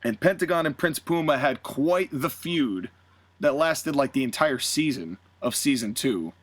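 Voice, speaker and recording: A mid-range-voiced man co-hosting a podcast tells the story of a booked wrestling show in a casual, animated way, slipping into quick impressions of the people he quotes.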